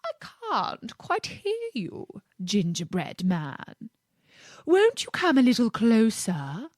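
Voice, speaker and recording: A woman voicing a cunning male fox in a storybook, slow and coaxing as he fakes a feeble voice. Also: a little high, huge pitch swings, a little mellow, no room sound, clean studio sound, heavily acted. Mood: sly. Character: sly cunning male fox feigning weakness.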